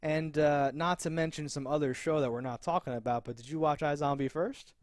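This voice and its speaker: Chatty young man, higher-pitched, dry sound. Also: fairly even intonation, brisk, no echo. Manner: loose, profane, filler-heavy chatter. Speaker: podcast co-host. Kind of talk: casual chat.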